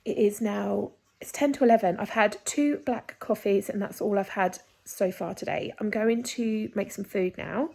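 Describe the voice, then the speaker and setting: A woman's voice: medium pitch, moderate pace, vocal fry, dark tone, poor audio. A woman, chatting casually and rambling a little as she vlogs her day, out of breath. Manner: chatty, rambling, self-deprecating. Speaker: vlogger. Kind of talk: casual vlog chat.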